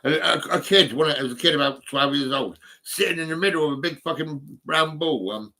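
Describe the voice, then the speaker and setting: A man's voice: on the high side, fairly quick, pushed and bright. A middle-aged man from Hampshire with a southern English accent, chatting casually into a phone in a small home room, rambling and swearing, with many halts and fillers. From England, Hampshire. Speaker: vlogger.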